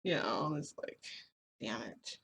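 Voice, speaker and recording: Creaky-voiced woman rambling through a story. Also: very deep voice, animated, a little slow, a bit bright. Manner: rambling, filler-heavy, many restarts. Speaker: vlogger. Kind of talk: casual personal storytelling.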